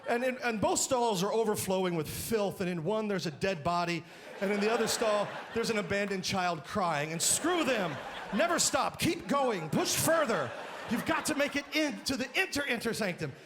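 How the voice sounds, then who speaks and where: A man doing a stand-up comedy routine on a live stage, loud and exaggerated, often shouting his punchlines. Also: sits high. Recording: live stage mic, crowd laughter and noise. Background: audience laughing.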